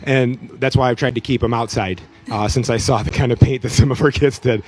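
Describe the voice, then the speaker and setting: A man's voice: mid-range voice, fairly even intonation, faint music behind. Easygoing man co-hosting a church pre-show. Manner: easygoing, jokey, quick laughs. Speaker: church pre-show co-host, youth leader. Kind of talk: casual chat.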